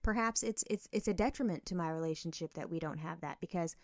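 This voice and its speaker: Fast and lowish-voiced, a woman co-hosts a podcast in casual conversation, captured in clean studio sound without echo. She shares blunt, profane stories and performs animated voices for the people she quotes.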